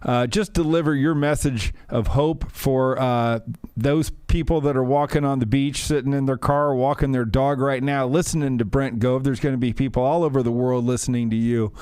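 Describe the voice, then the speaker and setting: Host, man, upbeat and earnest, smooth voice in a dry close room. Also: medium pitch, steady tone, moderate pace, a little mellow, no room sound. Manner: upbeat, earnest, hype-style introductions. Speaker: podcast host. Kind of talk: podcast interview hosting.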